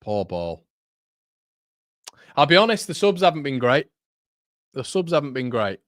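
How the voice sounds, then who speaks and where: A young man reacts live to a football match as he hosts a watchalong, chatting to viewers. He is excitable and swings from sudden shouts to low mutters. His voice sits at an ordinary pitch, and the sound is dry and close. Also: unhurried, no room sound. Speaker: watchalong host.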